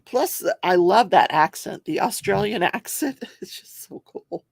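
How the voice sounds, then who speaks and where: Gravelly-voiced older woman chatting live. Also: mid-range voice, lively intonation, measured pace, no room sound, studio quality. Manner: chatty, reads viewer comments aloud, laughs often. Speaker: host of a crafting and true-crime talk show. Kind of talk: casual livestream chat while crafting.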